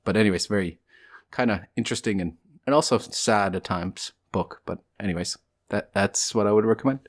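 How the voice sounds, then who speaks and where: A man's voice: lowish voice, a little fast. Hesitant man with dry humor. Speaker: podcast guest. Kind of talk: casual interview chat. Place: home.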